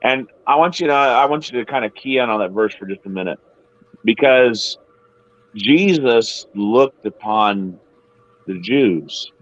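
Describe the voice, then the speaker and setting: A man's voice: mid-range voice, animated, a little slow, lo-fi sound. Man retelling scripture with acted quotes. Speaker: Bible study host. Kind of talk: casual Bible discussion.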